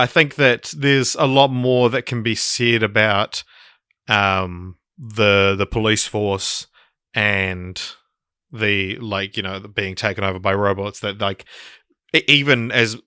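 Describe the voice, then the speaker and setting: Give me a male podcast co-host chatting casually about films. His voice is clear and resonant with a forceful brightness. The recording is dry, and his talk wanders with frequent ums and restarts. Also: on the low side, dry recording. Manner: rambling, many ums and restarts. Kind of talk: casual film podcast chat.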